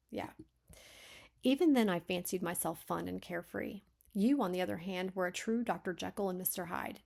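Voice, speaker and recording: A woman reading a manuscript aloud and critiquing it, thinking aloud with frequent self-corrections and sometimes dropping to a soft whisper. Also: medium pitch, vocal fry. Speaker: beta reader.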